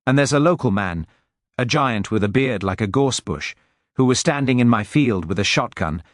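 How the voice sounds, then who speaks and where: A man's voice: mid-range voice, animated, normal speed, no room sound, studio quality, close to an everyday voice. A man voicing a pompous, wealthy Englishman with a clipped, nasal London accent who barks demands. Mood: demanding. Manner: barking, demanding, disdainful. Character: pompous rich Englishman, angry newcomer.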